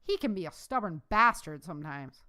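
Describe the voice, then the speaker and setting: A woman's voice: fairly low pitch, sing-song, normal speed, bright, forceful tone. A woman playing a wry, sarcastic ex-Marine man. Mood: wry jesting. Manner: jesting, sarcastic.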